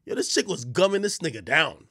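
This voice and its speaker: Male streamer, high and animated, gravelly edge, loud crude storytelling, dry close sound. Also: a little fast, dry recording. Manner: loud, laughing, crude storytelling with sudden yelps. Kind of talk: casual livestream chat.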